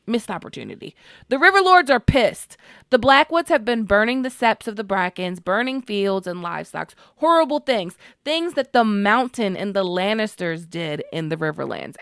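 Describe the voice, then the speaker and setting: Woman recapping her fave show, chatty and slangy, smooth clear voice, dry close sound. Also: medium pitch, no echo. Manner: expressive, slangy, emotionally invested. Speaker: TV show reviewer. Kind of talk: casual episode recap.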